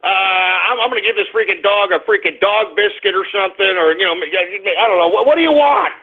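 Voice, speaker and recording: A man's voice: high-pitched, fairly even intonation, a little fast. A man hosting a call-in radio show, ranting and repeating himself as he scolds his crying dog on air. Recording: tinny phone-like radio stream.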